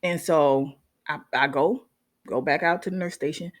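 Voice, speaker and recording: A woman, a nurse, telling a story casually to her viewers in an animated way, often checking in with them. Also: sits low, moderate pace.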